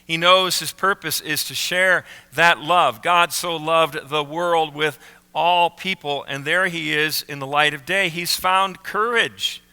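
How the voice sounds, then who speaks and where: Bright-voiced pastor preaching in a church hall. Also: male voice, a little high, clear, resonant tone. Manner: slow emphatic phrasing with pauses on key words. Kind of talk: sermon. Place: church sanctuary. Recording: reverberant church sanctuary.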